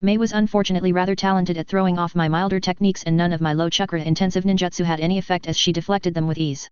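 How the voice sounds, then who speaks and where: Brief: quick, crisp narrator for a fan fiction read, dry close-miked sound. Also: mid-range voice, steady tone, no room sound. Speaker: audiobook reader. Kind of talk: reading fan fiction aloud. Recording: dull lo-fi recording.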